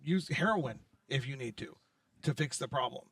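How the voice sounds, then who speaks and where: A man's voice: mid-range voice, lively intonation, normal speed, fairly bright tone, no echo, far from the mic. A man hosting a casual conference interview, enthusiastic and full of restarts. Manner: enthusiastic, talks over guest, many restarts. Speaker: interview host. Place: conference venue.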